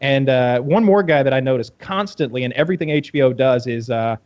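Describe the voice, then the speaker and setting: A man chats loosely as a podcast co-host, laughing often and trailing off as he searches for words. His voice sits mid-pitch and the audio is a little dull. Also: brisk, dry recording. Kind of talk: casual chat about TV shows.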